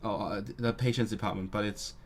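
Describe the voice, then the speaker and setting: A man's voice: lowish voice, fairly even intonation, fairly quick, a little hiss or hum. A man live-streaming his language study, thinking aloud and sounding out words, correcting himself as he goes. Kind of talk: casual live stream talk.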